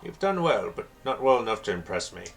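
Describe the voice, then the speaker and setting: A man's voice: medium pitch, big pitch swings, a little fast, faint music behind. A man voicing a solemn male guardian of a tower, speaking formally as he passes judgment.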